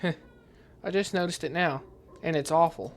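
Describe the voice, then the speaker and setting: A gameplay commentator reading a horror game's dialogue aloud while playing, in a hushed, uneasy tone. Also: medium pitch, a little slow, a little hiss or hum.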